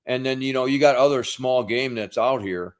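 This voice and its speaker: A man's voice: medium pitch, moderate pace. A man in a casual podcast chat, laid-back but emphatic when he talks about his worries.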